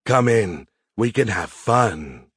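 A male narrator voicing a sultry female android who speaks in a slow, purring, seductive way. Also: on the low side, lively intonation, a bit bright, husky, dry recording, studio quality, exaggerated voice.

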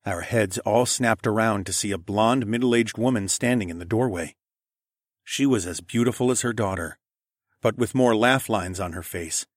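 A man narrates a first-person audiobook in a steady, measured way. His voice sits on the lower side. The recording is dry and close. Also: no echo.

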